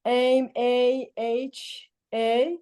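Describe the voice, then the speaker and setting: Very slow, hesitant woman spelling. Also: on the high side, flat delivery, dark tone, smooth. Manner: hesitant, spelling letter by letter with fillers. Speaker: student doctor. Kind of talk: lesson participation. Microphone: computer mic on a video call.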